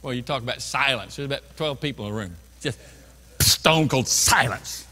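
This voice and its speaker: A pastor in his fifties preaching a sermon, swinging from quiet storytelling to loud crying out. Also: mid-range voice, fast talker. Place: large church sanctuary. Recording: long hall reverb in a church.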